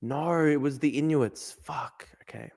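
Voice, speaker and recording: A man's voice: fairly high pitch, unhurried, a little mellow. A man hosting a casual livestream, talking himself through a guessing game. He mutters asides, swears often and breaks into exasperated outbursts. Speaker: livestream host.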